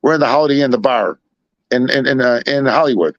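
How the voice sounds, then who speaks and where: A man's voice: medium pitch, fast talker, no room sound. A man from Chicago telling a long, rambling anecdote in casual conversation, full of asides and retold dialogue. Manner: rambling, animated retelling with many asides. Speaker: storyteller guest. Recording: dull lo-fi dry recording.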